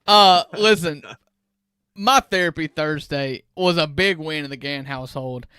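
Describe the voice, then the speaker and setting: A man, co-hosting a sports podcast and telling stories in an animated way with frequent chuckles. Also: fairly high pitch, a little slow, clean tone, dry recording. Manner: animated storyteller, chuckles often. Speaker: sports show co-host. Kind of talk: casual podcast chat.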